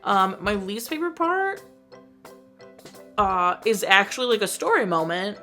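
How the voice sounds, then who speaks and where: A young woman casually gushing about a movie she reviews, full of slang, quoting scenes in lively put-on voices. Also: medium pitch, unhurried, soft background music.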